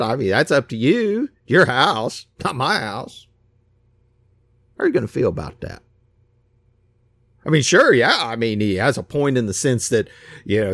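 A man's voice: medium pitch, fairly bright tone, no echo, clean studio sound. A man preaching a casual, folksy sermon who acts out the voices in his stories.

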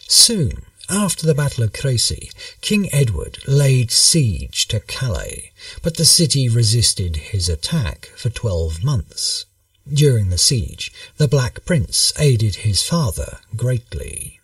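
A man narrating a history story in a measured, storytelling manner. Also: mid-range voice, very animated, fairly bright tone, dry recording, recorded from a distance.

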